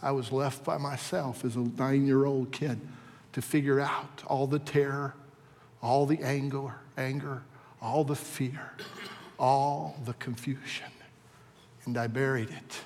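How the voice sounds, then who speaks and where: A man from Virginia preaching a sermon as a pastor, telling a personal testimony that swings from hushed to impassioned. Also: mid-range voice, flat delivery, unhurried, in a large hall, a little hiss or hum. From Virginia, USA.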